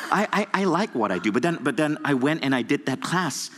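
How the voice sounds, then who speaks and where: A man from Malaysia giving a storytelling stage talk as a motivational speaker, lively and acting out dialogue. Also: on the high side, fairly quick, hardly any pauses, big-room sound, background noise. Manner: animated storytelling, acts out dialogue.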